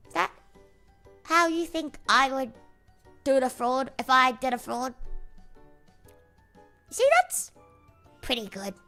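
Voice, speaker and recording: A woman's voice: high-pitched, takes it slowly, long pauses, pushed and bright. A young woman streamer in casual chat, playful and giggly, rambling through absurd jokes. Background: faint music.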